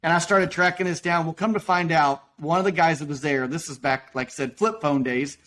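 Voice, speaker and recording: Male podcast guest, folksy rambling storyteller, voice sits a touch high. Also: fairly bright tone. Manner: folksy, rambling, quick to act out quotes. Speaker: podcast guest, roofing business owner. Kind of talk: casual storytelling.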